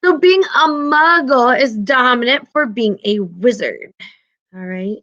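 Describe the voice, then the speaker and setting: A woman's voice: a little high, a little slow, fairly bright tone, dull audio. A woman teaching a class, patiently explaining and often checking in with her students.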